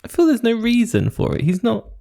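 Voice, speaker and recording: A man co-hosting a podcast, recapping events in relaxed, casual chat. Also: extremely high pitch, fairly quick, creaky. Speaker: podcast co-host.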